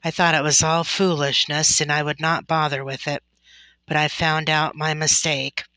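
A man's voice: on the high side, flat delivery, normal speed, pushed and bright, dry recording. A woman reading a storybook and voicing a neighbor man who sheepishly admits he was wrong. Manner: sheepish and earnest. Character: humbled neighbor man, admitting his mistake.

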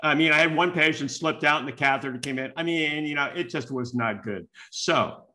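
An older man from the United States delivers a talk as a string of personal stories. His voice is bright and forward, and he acts out the quoted dialogue as he goes. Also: fairly high pitch, fairly quick. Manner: animated storyteller acting out quoted dialogue. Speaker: keynote speaker and business school teacher. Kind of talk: storytelling talk.

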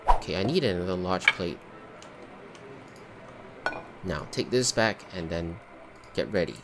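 Man narrating his cooking game, animated. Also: low voice, a little slow, very noisy. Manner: talks himself through tasks, bursts into exasperated outbursts. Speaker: gameplay video host. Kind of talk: live gameplay commentary.

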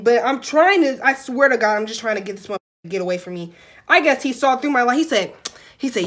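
A young woman vlogger telling a storytime in an animated, profane, dramatic way. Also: on the high side, quick pace. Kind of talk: storytime vlog.

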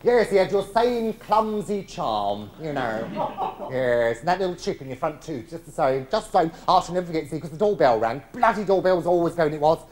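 A man's voice: fairly high pitch, lively intonation, fairly quick, a crowd in the background, close to an everyday voice. A man doing a camp gossipy lad. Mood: camp gossip. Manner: camp, chatty and teasing, swooping emphatic delivery. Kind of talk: one-man stage show monologue. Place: large theatre before a live audience. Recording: live theatre recording with audience laughter.

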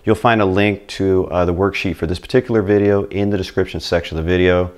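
Deep-voiced man teaching a relaxed lesson. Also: fast talker. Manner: chatty, patient, checks in with "right?". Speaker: Spanish teacher.

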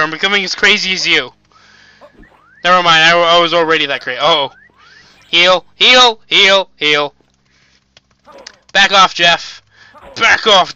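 A young man giving casual gameplay commentary as a let's play gamer, chatty and excitable, yelling at the enemies on screen. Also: sits high, clean tone, dry recording. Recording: dull lo-fi home mic recording.

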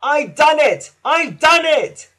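A man's voice: a little high, very animated, takes it slowly, a little mellow, breathy edge, heavily acted. A man voicing a proud, eager little male tank engine who talks boastfully and repeats his phrases. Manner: boastful and huffy, chanting phrases twice.

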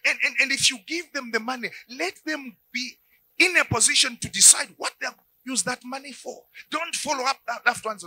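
High-voiced animated preacher. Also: male voice, fairly quick, breathy edge, poor audio. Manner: animated, acts out dialogues, shouts at peaks. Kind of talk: sermon.

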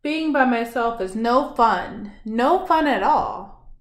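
A small, lonely zebra from a children's storybook, as a woman reading aloud puts him on. He speaks softly and wistfully at an unhurried pace. The reading has a roomy echo. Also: on the high side, expressive. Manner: wistful, soft.

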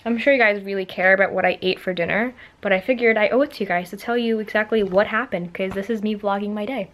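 A young woman vlogging her day in a chatty, upbeat way, full of quick asides. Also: mid-range voice. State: out of breath. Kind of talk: casual vlog chat.

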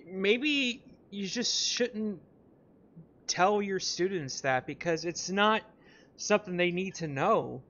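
Man, high voice, sharp bright tone, blunt sarcastic reaction commentary, swears, dull lo-fi audio. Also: expressive, takes it slowly.

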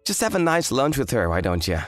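A man's voice: mid-range voice, sing-song, fairly quick, no echo, soft background music, natural voice. A man voicing an arrogant, hungover young fiancé who talks in a smug, dismissive drawl. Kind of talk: dramatized story voice acting.

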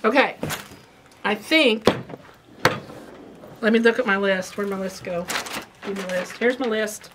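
A chatty woman hosts a quilt shop video, rambling along with playful asides about fabrics and kits. Her voice sits at an everyday middle pitch, with a faint hiss of noise behind it. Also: measured pace, long pauses. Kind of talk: casual product chat.

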